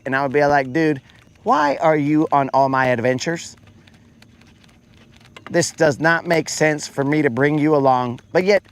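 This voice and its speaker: A man hosts a fishing livestream, chatting with viewers in an animated, slangy way. He tells stories and acts out quotes in a higher voice.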